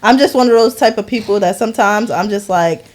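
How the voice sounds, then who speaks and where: A woman's voice: medium pitch, brisk, a little mellow, slight background noise. A woman co-hosting a podcast, talking candidly in casual slang and nodding along with short agreements. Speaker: podcast co-host.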